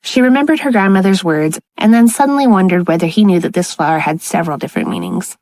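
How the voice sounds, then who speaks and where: Woman, audiobook narrator, steady scripted storytelling, lowish voice, dry close mic. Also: fast talker, dry recording, poor audio.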